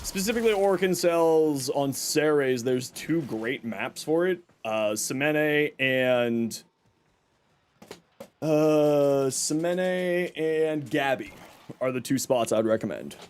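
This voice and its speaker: Male game streamer, casual chatty commentary, light higher voice. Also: animated, slow pace, smooth. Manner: chatty, explains game tips to chat.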